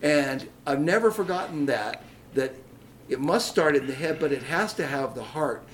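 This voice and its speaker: Man from Detroit, animated ukulele teacher, slightly high voice, guest on a radio show. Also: normal speed, a little hiss or hum. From Detroit, Michigan. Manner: lively teacher, hums and laughs while explaining. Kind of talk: radio interview storytelling.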